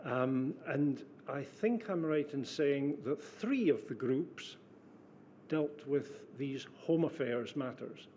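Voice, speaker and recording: Older guy testifying, careful and precise, umms a lot, mellow voice, bit of faint hiss. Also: medium pitch, lively intonation. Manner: measured, precise, hesitant with fillers. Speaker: witness, former civil servant. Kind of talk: formal inquiry testimony.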